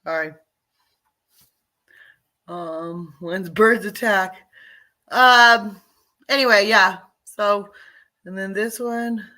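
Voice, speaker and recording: A woman's voice: medium pitch, extremely slow, long pauses, pushed and bright. Chatty woman rambling through reaction clips. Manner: chatty, rambling, apologetic asides. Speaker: host reacting to videos. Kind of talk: casual chat.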